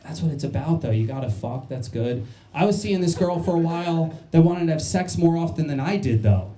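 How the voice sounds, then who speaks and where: A man's voice: a little high, expressive, a little fast, mellow, echoey room, a little hiss or hum. Crude self-mocking man doing stand-up. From New Jersey. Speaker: stand-up comedian. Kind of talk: stand-up set. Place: comedy club stage.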